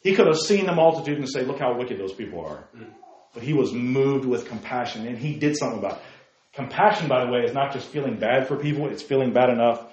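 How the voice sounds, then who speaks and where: Conversational pastor preaching in an echoey church. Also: male voice, medium pitch, fast, darkish tone, lo-fi sound. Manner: conversational, asks the congregation questions. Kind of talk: sermon.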